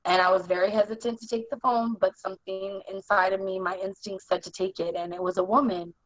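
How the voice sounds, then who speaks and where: A young woman tells a personal story as an interview guest, halting and earnest, padding her sentences with "like". Her voice sits in a middle register. It comes through a dull, slightly muffled recording with a dry, close sound. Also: mid-range voice, fairly even intonation, no room sound. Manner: halting, earnest, heavy use of "like".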